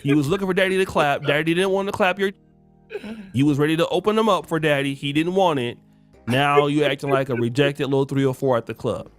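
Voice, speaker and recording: A man's voice: a little high, a little fast, no room sound, soft background music. A man hosting a livestream, mocking and taunting his target with laughter. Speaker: streamer host. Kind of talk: mocking commentary.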